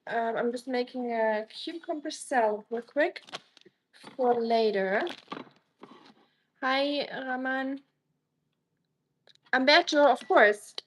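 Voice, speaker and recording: A woman's voice: sits high, takes it slowly, pauses often, a bit bright, a little hiss or hum, low-quality recording. A woman live streaming as she cooks in her home kitchen, chatting casually, greeting viewers by name and making teasing jokes. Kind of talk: casual live-stream chat while cooking.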